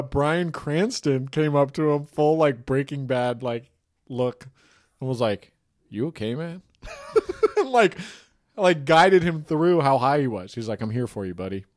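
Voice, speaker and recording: Young man, podcast host, animated, lively pitch, swears a lot, slightly high voice. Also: unhurried. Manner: animated storytelling, swears and laughs often, does voices. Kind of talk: casual chat.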